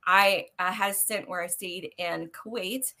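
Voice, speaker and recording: A woman's voice: lowish voice, steady tone, a little slow, bright, forceful tone. A woman hosting a live online interview over a video call, giddy and effusive, laughing often. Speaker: host.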